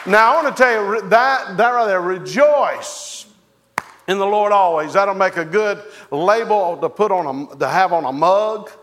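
A man preaching a sermon as pastor, halting and folksy, with many fillers and repeated words. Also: high-pitched, a bit bright, a faint crowd. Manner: folksy, leads the congregation in song.

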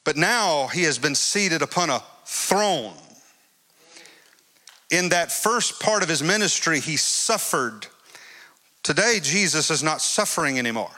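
A man's voice: on the high side, animated, a little slow, bright, forceful tone. A male preacher giving an emphatic sermon and repeating his phrases. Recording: long hall reverb.

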